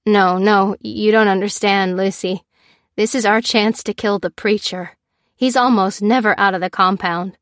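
A woman's voice: mid-range voice, fairly even intonation, a little slow, dry recording, natural voice. A woman reads a shaken female doctor in an audiobook, breathless and insistent. The recording is close and dry. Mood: desperate.

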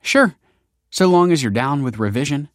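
Man doing a brash young woman, quick and snappy, dry close read. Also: lowish voice, very animated, dry recording. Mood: teasing. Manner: sharp, snappy banter.

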